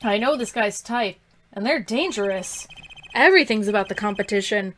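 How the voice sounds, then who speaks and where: A woman's voice: mid-range voice, lively intonation, normal speed, fairly bright tone, slight background noise, close to an everyday voice. A woman voicing an earnest, easily surprised young male attorney. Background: game music.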